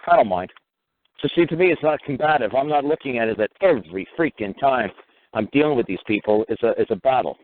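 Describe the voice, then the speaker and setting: A man's voice: medium pitch, expressive, quick pace, a little hiss or hum. A man hosting a call-in talk show, talking in a blunt, profane, colloquial ramble. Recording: tinny phone line.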